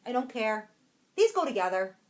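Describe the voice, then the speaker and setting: A young adult woman co-hosting a podcast, chatting casually and excitedly about yarn she bought, rambling and breaking off her own sentences. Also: on the high side, normal speed. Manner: bubbly, rambling, self-interrupting. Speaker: podcast co-host.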